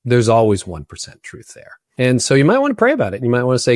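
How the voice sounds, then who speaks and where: A man's voice: medium pitch, big pitch swings, fast, hardly any pauses, darkish tone, dry recording, clean studio sound. A middle-aged man gives church leaders earnest, conversational advice to camera. He sometimes repeats words while gathering his thoughts.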